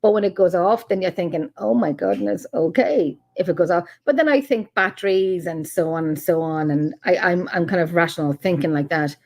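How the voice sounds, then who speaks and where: A middle-aged woman with an Irish accent, a paranormal researcher telling stories in a casual interview chat, animated and quick to laugh. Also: lowish voice. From Ireland. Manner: animated storyteller, laughs often, acts out quotes.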